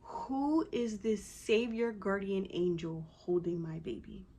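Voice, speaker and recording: A woman's voice: slow pace, breathy edge. A woman telling her own story in a casual vlog, acting out what others said in a raised voice. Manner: animated, acts out quoted voices in a higher pitch.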